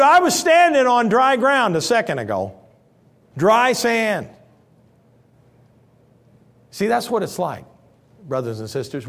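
Male pastor, sermon delivery, lively and dramatic, bouncing between loud and hushed. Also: on the high side. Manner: animated storytelling, swings from loud to hushed.

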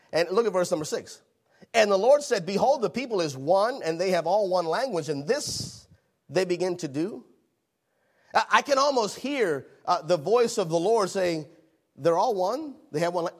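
High, gravelly preacher man. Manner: animated, repeats phrases, acts out voices of God and Lucifer. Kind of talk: sermon.

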